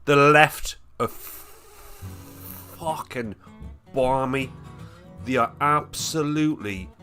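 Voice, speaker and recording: A man's voice: mid-range voice, drawn-out words, bright, forceful tone, faint music behind. A man hosting a show, reacting to clips in a blunt, sweary, casual commentary, with a cold. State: has a cold.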